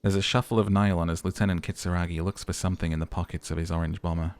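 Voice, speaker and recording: A man narrating and voicing a game playthrough with calm storytelling. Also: low-pitched, quick pace, clean tone.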